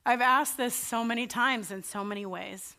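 A woman pastor delivers a sermon in a plain, conversational way. Her voice sits a little high for a woman. It climbs and grows louder whenever she voices a plea or a doubt. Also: moderate pace. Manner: earnest and conversational, voice rising for quoted pleas to God.

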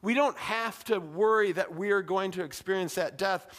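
A man with a notably high-pitched voice delivers a sermon. He talks like he's chatting with the congregation, animated and casual, tossing in little asides. He sounds middle-aged. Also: normal speed. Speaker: pastor.

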